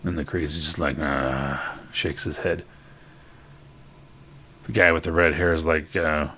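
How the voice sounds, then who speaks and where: A man narrating as game master in a tabletop game, laid-back and halting. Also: very deep voice, steady tone, pushed and bright, a little hiss or hum.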